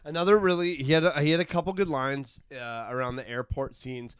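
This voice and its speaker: A man in his forties co-hosting a casual comedy podcast, riffing excitedly with swearing. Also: medium pitch, fairly quick, smooth. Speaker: podcast co-host.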